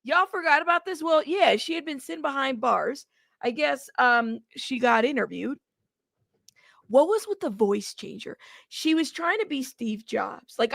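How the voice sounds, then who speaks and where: A woman hosting a casual reaction commentary, chatty and animated, talking straight to her viewers and laughing often. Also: high-pitched, gravelly, dry recording, clean studio sound. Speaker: host of a commentary channel.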